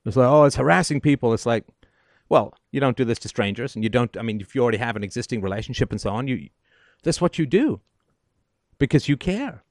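A man's voice: mid-range voice, animated, quick pace, a little mellow, no echo, clean studio sound. Emphatic, sardonic male call-in host. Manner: emphatic and sardonic, keeps asking "right?". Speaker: call-in show host giving advice. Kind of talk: call-in advice monologue.

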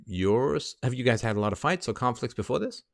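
A man's voice: medium pitch, animated, brisk, creaky, no room sound, studio quality. A man hosting a call-in advice show, talking bluntly and emphatically, swearing now and then, with a wry edge.

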